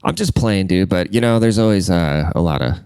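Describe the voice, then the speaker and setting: Alone on his podcast, a congested young man with a low, smooth voice rants crudely at a brisk, animated clip, rambling and swinging from loud to muttered. The recording is dry.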